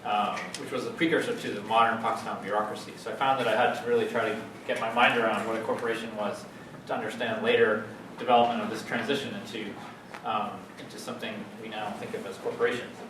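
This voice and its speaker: A man giving an academic lecture as a guest speaker, halting with many fillers and restarts. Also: on the low side, level tone. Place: lecture hall. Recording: echoey hall, distant mic, noisy.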